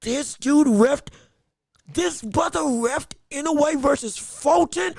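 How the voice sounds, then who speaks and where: A man with a very high, gravelly voice hosts a casual livestream show. He talks excitably and rambles, repeating words. The sound is dry and close. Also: takes it slowly, no room sound. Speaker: boxing podcast host.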